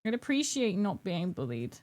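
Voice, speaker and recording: A young British woman paints miniatures on stream, chatting casually, giggling, and making fun of herself. Her medium-pitched voice is very animated and a little mellow, at a normal speed.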